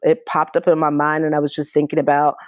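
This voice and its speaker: A woman's voice: sits low, completely flat delivery, fast, no room sound, clean studio sound. A woman as an interview guest, recounting her experiences earnestly and with emotion, often restarting her sentences. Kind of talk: personal storytelling in a podcast interview.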